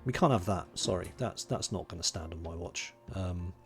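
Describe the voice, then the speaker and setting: A man's voice: sits low, normal speed, faint music behind. A man from London, streaming a game, chatting casually, muttering to himself while he plays and greeting viewers in chat. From England (London). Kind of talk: casual livestream commentary.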